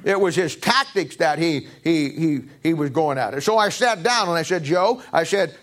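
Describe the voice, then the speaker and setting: A man's voice: on the high side, animated, normal speed, few pauses, a bit bright. Emphatic, repetitive preaching man. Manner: stumbles and restarts often. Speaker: pastor. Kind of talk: sermon.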